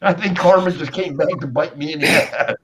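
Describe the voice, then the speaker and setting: A man's voice: fairly high pitch, fairly quick, fairly bright tone. A middle-aged man co-hosting a livestream, swearing freely and laughing often as he tells stories in casual banter. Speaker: livestream co-host. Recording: slightly muffled with faint noise.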